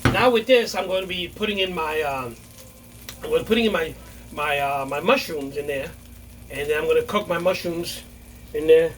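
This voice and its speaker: A man hosts a casual cooking demonstration in his home kitchen, talking the viewer through each step in a chatty, repetitive way full of fillers and okays. His slightly high voice has a fairly bright tone at normal speed, and the noisy recording picks up a sizzling pan and running water.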